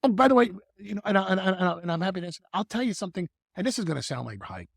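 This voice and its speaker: Gravelly, animated man on a podcast. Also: high voice, racing, no room sound, clean studio sound. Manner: animated, stumbling restarts, stretches words for emphasis. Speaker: wrestling manager guest. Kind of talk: podcast conversation.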